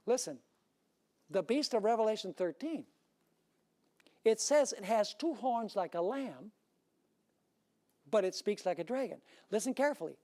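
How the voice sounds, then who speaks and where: A male pastor delivering a sermon with a notably high voice. He preaches emphatically and keeps checking in with his listeners through rhetorical questions. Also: animated, moderate pace, pauses often, darkish tone.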